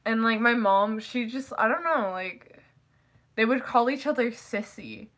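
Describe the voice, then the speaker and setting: A young woman chatting casually to camera, rambling and giggling, who acts out family quotes in high voices. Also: measured pace, a bit bright. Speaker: vlogger. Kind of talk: casual chat.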